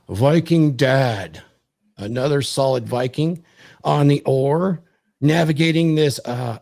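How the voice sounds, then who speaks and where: A man's voice: mid-range voice, gravelly, a little mellow. A man hosting a livestream, joking, laughing and welcoming guests in casual chat. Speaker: livestream host.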